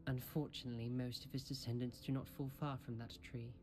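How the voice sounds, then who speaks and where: An actor playing a polite, refined young male student in a video game, courteous and measured. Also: mid-range voice, little pitch movement, a little mellow, slight background noise, natural voice.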